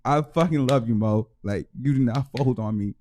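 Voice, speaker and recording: A man hosting his own channel, giving heartfelt shout-outs in slangy casual talk and repeating himself for emphasis. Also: medium pitch, moderate pace. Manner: heartfelt, emotional. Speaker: YouTube show host. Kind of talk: casual vlog shout-out to viewers.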